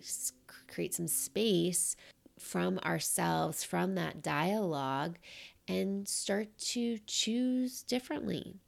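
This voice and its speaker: A middle-aged woman giving a reflective talk on self-compassion, speaking softly and sometimes sinking into a whisper. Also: fairly low pitch, vocal fry. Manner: soft and unhurried, at times dropping to a whisper.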